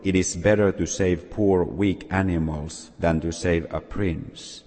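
A man's voice: sits low, steady tone, measured pace, a little mellow. A man voicing a kind, humble poor man in a folk tale, speaking patiently and modestly. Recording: long reverb.

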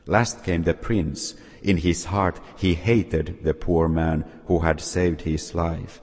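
Deep husky man reading a folk tale. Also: little pitch movement, darkish tone. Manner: slow, measured reading with small slips. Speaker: storyteller. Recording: long reverb.

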